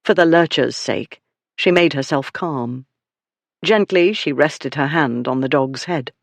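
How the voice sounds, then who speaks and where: A steady, measured audiobook narrator reads a historical romance at mid pitch. The delivery stays even. The booth sound is dry and close. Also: vocal fry, no echo. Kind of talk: scripted narration.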